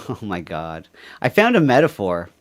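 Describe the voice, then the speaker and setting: A man's voice: on the low side, huge pitch swings, a little slow. A man from Canada co-hosting a podcast, rambling and joking through casual commentary and laughing often. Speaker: podcast co-host.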